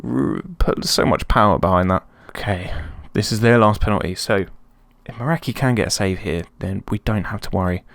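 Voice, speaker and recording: A man excitable, gravelly gamer. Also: lowish voice, normal speed, dry recording, studio quality. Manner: excitable, chatty, swings between calm and yelps. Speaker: let's play host. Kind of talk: casual gameplay commentary.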